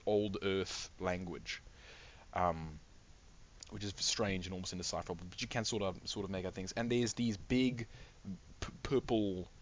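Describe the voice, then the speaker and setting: A man serves as game master, painting the scene in loose, meandering sentences that keep doubling back. His voice sits slightly low. The mic sounds muffled and lo-fi. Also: steady tone, normal speed, a little hiss or hum. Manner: rambling, self-correcting descriptions. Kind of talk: narrating a tabletop game.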